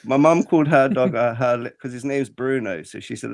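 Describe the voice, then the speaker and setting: A man's voice: mid-range voice, brisk, vocal fry, no room sound. A man in a casual podcast chat, teasing in a dry way.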